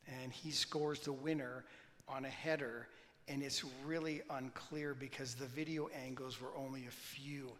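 A man, a pastor, giving an informal sermon with lively storytelling and a quieter, reverent prayer. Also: mid-range voice. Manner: animated storytelling, bursts of loud excitement; softer, slower and reverent in prayer. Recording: long hall reverb.

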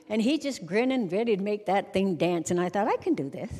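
A middle-aged woman giving a humorous storytelling sermon at a conference, animated and conversational, sometimes breaking into song to make a point. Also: mid-range voice, fairly quick, breathy edge. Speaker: conference speaker. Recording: long reverb of a large hall.

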